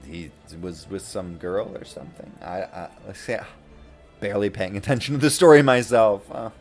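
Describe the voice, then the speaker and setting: A man's voice: fairly low pitch, moderate pace, faint music behind. A man streaming a game and chatting casually, laughing often and swearing now and then. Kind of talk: casual commentary while gaming.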